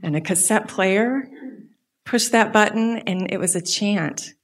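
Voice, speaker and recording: Middle-aged woman, guest speaker, personal church story; animated, mid-pitched, drops into whispers. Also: unhurried.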